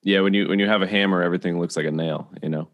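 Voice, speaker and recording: A man hosting a casual interview, sharing personal examples in a relaxed, candid, self-deprecating way. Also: deep voice, rapid-fire, highs cut off. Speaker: podcast host.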